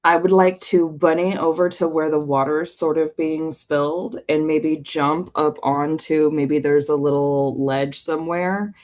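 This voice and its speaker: Playful tabletop game player. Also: mid-range voice. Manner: playful and animated. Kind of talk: describing a tabletop game character's actions.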